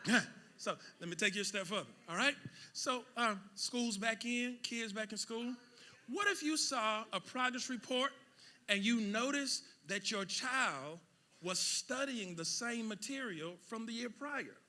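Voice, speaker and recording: A pastor preaching a sermon, swinging between loud shouted peaks and quiet asides. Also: male voice, extremely high pitch, a little slow. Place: church sanctuary with congregation.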